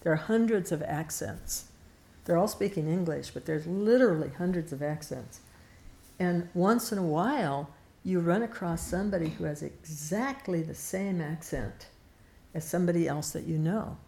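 A woman's voice: on the low side, normal speed, creaky, mellow. A middle-aged woman giving a conversational spiritual teaching talk, often restarting and repeating her words. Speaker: Vedanta teacher.

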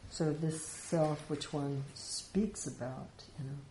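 A woman's voice: low-pitched, fairly even intonation, slow, dark tone, a little hiss or hum. A woman giving an informal spiritual teaching, talking conversationally with rhetorical questions and light laughs. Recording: echoey room with faint ambience.

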